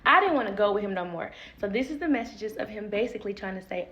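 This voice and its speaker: A woman's voice: medium pitch, fast talker, few pauses, a bit bright, highs cut off, slight background noise. A young woman telling a personal story in a casual, candid way, swearing and laughing easily.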